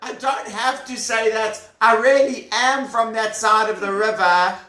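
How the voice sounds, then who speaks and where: A man voicing a panicky male fugitive who stammers and squeaks, heard in an echoey room. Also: steady tone, a little slow, bright, forceful tone. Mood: flustered.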